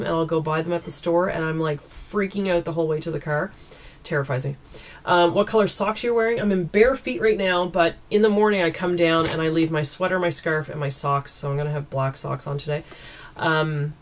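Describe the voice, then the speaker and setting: A woman from East Coast Canada, chatting casually and giggling as she answers viewer questions at home into a camera mic. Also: on the low side. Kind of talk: casual Q&A chat.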